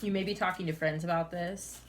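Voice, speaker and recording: A woman's voice: on the low side, fairly even intonation, brisk, slight background noise. A young woman giving a casual tarot reading, chatty and full of "like"s, laughing often and calling the listener "honey". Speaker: tarot reader.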